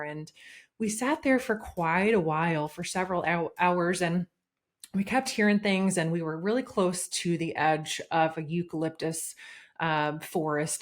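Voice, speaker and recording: A woman with a slightly low voice is a podcast guest telling a story. She delivers it in a casual, lively way, frequently acting out what people said.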